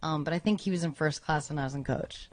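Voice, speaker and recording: A woman telling a story on a podcast in a casual, animated way, acting out what people said. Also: low-pitched, fast talker. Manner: animated, acts out quoted lines. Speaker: podcast guest.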